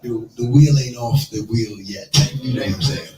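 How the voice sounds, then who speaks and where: A man's voice: medium pitch, normal speed. A man hosting a live comedy show, teasing and laughing in a slangy way. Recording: echoey room, far mic, music behind.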